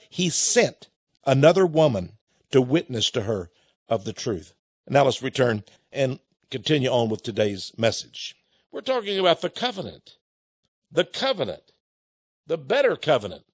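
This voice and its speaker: A man's voice: fairly high pitch, dry recording. Folksy chuckling male preacher. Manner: folksy, chuckling, addresses listeners as friends. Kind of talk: sermon with a personal story.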